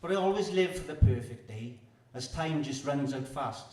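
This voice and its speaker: A man's voice: a little high, moderate pace, a little mellow. Man reciting poetry in an echoey hall. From Wales. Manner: rhythmic rhyming recitation. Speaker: performance poet. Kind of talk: poetry performance. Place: live venue with audience. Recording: echoey room, distant mic.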